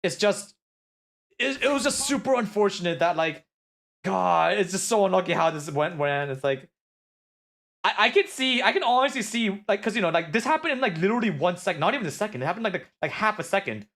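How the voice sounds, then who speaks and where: High-voiced excitable man rambling. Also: brisk. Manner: excitable, rambling with many filler words. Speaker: streamer reviewing esports matches. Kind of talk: casual game analysis.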